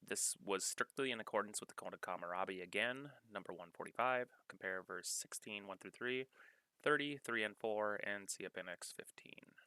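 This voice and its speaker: Male scripture reader, deep and sharp-edged, measured study-note delivery. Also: clean tone, no room sound. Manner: measured, deliberate reading, pausing to cite references. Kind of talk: reading scripture aloud with study-note commentary.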